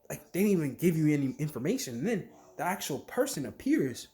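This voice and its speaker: Brief: animated casual vlogger who rambles and jumps between thoughts, voice swooping up and down. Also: mid-range voice. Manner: filler-heavy, lots of "like", jumps between thoughts; acts out quick quoted voices mid-story. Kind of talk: casual rambling rant to camera.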